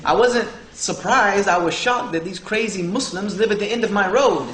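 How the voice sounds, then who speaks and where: Telling a funny story about his own life, a Southern US man speaks in a high-pitched voice at normal speed, with a crowd audible in the background. He jokes and acts out what others said for the audience, recorded in an echoey hall with faint ambience.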